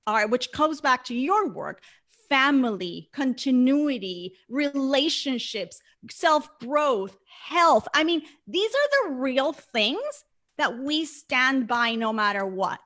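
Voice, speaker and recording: A woman's voice: high voice, big pitch swings, slow, fairly bright tone. A woman speaking as a guest in a conversational interview, earnest and emphatic, repeating words for stress.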